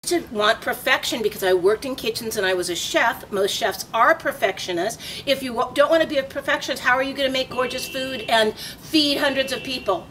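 An older woman telling stories in a casual interview, animated and laughing as she acts out voices. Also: sits high, brisk, few pauses, distant mic, slight background noise.

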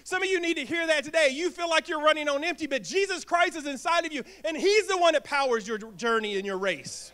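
High, bright-voiced energetic male preacher. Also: brisk, few pauses. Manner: energetic, asks the crowd questions and acts out quips. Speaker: pastor. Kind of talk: sermon. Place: church sanctuary.

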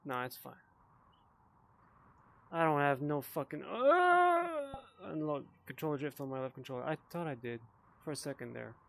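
Speaking at a moderate pace with a steady mid-range voice, frequent pauses, and some vocal fry, a drunk-ish man narrates his VR gameplay. Expect heavy swearing, angry bursts, and mumbling on the side.

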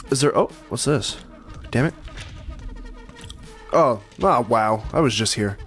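A man giving casual commentary on a game, excitable and jumpy, swearing and laughing when startled, recorded at home on a desktop mic. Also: mid-range voice, very slow, soft background music. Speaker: let's play gamer. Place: room at home.

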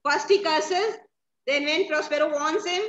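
Unhurried and fairly bright, a high-pitched female teacher walks her class through a play, putting each line into her own words and regularly checking in. The audio is echoey and a little dull, with faint noise in the background.

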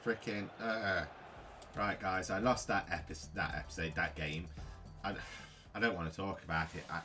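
A man's voice: deep voice, brisk, sharp tone, faint music behind. A man playing a football game and commenting casually, often frustrated and grumbling. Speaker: gaming YouTuber.

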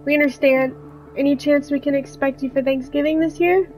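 A woman reading text messages aloud as worried middle-aged parents who gently plead with their daughter. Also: high voice, steady tone, fairly quick, soft background music, close to an everyday voice, poor audio. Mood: concerned.

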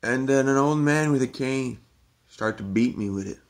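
A man telling a rambling, halting story about his day in a casual monologue, with many restarts and some swearing. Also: mid-range voice.

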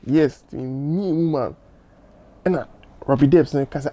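A young Ghanaian musician, appearing as a guest in a casual interview, tells stories in a fairly high, dark-toned voice at a measured pace. He mixes Twi, Pidgin and English and keeps stumbling into restarts.

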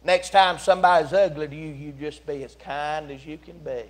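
Preacher guy in a church, higher voice, folksy, goes loud then real quiet telling the story. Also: moderate pace. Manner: folksy, animated storytelling preaching with dramatic swings. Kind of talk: sermon. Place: church sanctuary.

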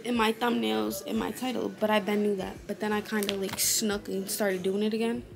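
A woman's voice: mid-range voice, flat delivery, a little fast, vocal fry, crowd noise. A woman in her twenties vlogging in casual chat, slangy and swearing freely. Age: 20s.

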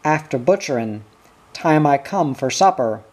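A reader voicing a frightened male outback stockman accused of murder, speaking halting broken English. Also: mid-range voice, expressive, a little mellow. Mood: pleading.

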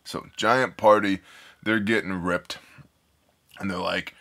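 A man's voice: deep voice, steady tone, slow, long pauses, pushed and bright. A man reading scripture aloud and breaking off to explain it in a casual, digressive way, thinking aloud as he goes. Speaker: Bible study teacher.

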